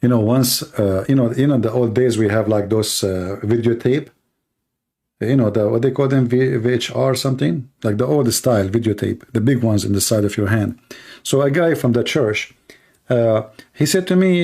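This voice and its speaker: A man with a husky, slightly breathy voice at an average pitch. He tells stories casually on a livestream in broken English, in a mocking tone. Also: normal speed, warm tone. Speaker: livestream host.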